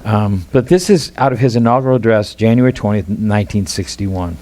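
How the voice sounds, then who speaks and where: A middle-aged man with a Midwestern American accent, preaching a sermon in an animated, rambling way with many restarts. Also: fairly low pitch, fairly quick. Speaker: pastor.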